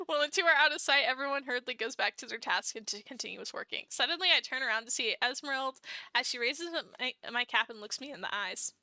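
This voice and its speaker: Giggly streamer woman, high and bright. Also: fast talker, no room sound. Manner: chatty, giggly. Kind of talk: reading a dating game aloud on stream.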